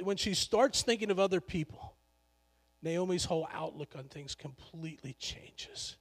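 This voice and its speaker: A man's voice: a little high, normal speed, in a large hall. A male pastor preaching a sermon in a conversational, joking way, laughing often.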